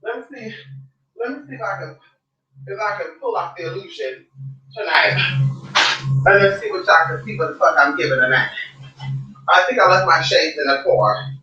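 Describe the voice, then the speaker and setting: A woman's voice: on the low side, expressive, moderate pace, pauses often, sharp tone, lo-fi sound. A woman vlogging at home, chatting to her viewers in a sassy, profane way and calling them girl and honey. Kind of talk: casual chat to camera.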